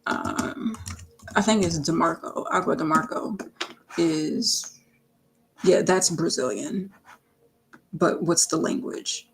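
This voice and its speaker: A woman's voice: on the low side, slow pace, pauses often, a little hiss or hum. A woman who makes music, chatting casually on a livestream, rambling with lots of fillers, self-corrections and playful asides. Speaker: singer-songwriter livestreaming her work.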